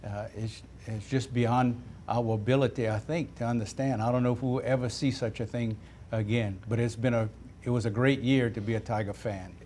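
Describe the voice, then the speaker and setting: Male guest, measured and reflective, mid-pitched voice. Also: steady tone, darkish tone, a little hiss or hum. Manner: measured, thoughtful, recalls carefully. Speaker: studio guest, former player. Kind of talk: reflective sports talk.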